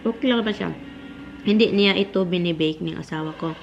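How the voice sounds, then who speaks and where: A woman's voice: fairly low pitch, brisk, gravelly, over music. A woman from the Philippines with a Filipino accent, chatting casually in a home vlog and switching between English and Tagalog. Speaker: vlogger. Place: home kitchen.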